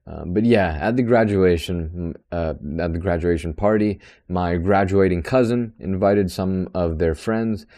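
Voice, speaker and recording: A man's voice: sits low, measured pace, hardly any pauses, dark tone. A young man hosting a solo podcast, talking bluntly and sarcastically in a long, chatty rant. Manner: talkative and extroverted. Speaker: podcast host.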